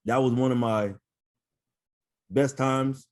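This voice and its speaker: A middle-aged man recounts his army days in a relaxed, casual interview. His pitch sits in an ordinary middle range, and he talks in an animated way, sprinkling in fillers and easy laughs as the stories roll along. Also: takes it slowly. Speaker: retired army first sergeant guest.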